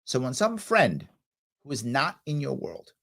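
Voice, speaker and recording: A man's voice: medium pitch, huge pitch swings, unhurried, vocal fry, a bit bright. A middle-aged man hosting a talk show, giving an emphatic motivational monologue and acting out quoted voices.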